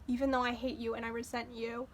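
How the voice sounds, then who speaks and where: A woman's voice: a little high, flat delivery, fast, breathy edge. A young woman vlogging her first reaction to an album, talking casually and getting openly emotional, gushing and exclaiming between her thoughts. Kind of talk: casual music reaction commentary. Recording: music playing behind her. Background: music playing.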